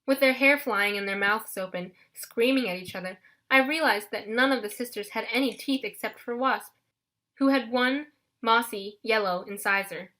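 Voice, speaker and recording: Bright woman reading an audiobook. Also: a little high, normal speed. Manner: lively, first-person storytelling. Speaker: audiobook narrator. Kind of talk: audiobook narration.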